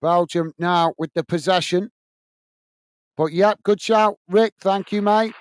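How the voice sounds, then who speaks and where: A man from England hosting a live football watch-along, calling the play and chatting with viewers in a chatty manner that quickly turns to ranting. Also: high-pitched, clear, resonant tone, dry recording. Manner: chatty, reads out viewer messages, quick to rant. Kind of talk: live football commentary and chat.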